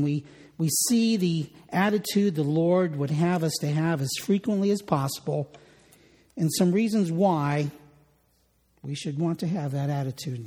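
A man preaching a sermon, slowing down and repeating words as he reads and explains scripture. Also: fairly high pitch, mellow. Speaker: pastor. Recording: long reverb of a hall.

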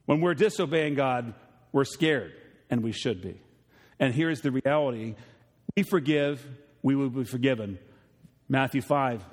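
A middle-aged male pastor preaching a sermon to his congregation, rising to emphatic peaks and then dropping low and quiet, acting out voices when he retells a story. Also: normal speed, pauses often. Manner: acts out voices in retold stories. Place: church sanctuary. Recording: long hall reverb.

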